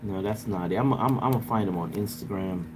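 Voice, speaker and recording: A livestreamer with a fairly low, brisk male voice rambles loosely to his viewers, talking straight to chat with lots of filler and swearing. It's casual livestream chat, with slight background noise.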